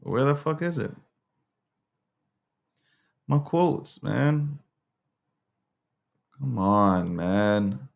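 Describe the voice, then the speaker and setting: A male host talking loosely on his livestream, swearing often and drifting between topics. His voice sits in an ordinary middle range, and he gets excitable fast, jumping up sharply when he rants. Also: vocal fry. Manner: profane, excitable, rambling; rants loudly with sharp pitch jumps. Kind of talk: casual livestream show.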